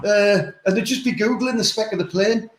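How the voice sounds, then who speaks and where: High-voiced joking man. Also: brisk, roomy sound. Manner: joking storyteller, laughs often. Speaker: co-host. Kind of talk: casual banter.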